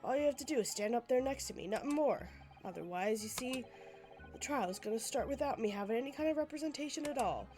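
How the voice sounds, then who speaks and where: Woman doing a boastful rich gent, lowered voice. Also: lively intonation, quick pace, darkish tone, faint music behind, natural voice. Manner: lowered generic deep voice, breezy and self-important. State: ill, hoarse. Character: wealthy boastful Irish-accented man in Victorian London.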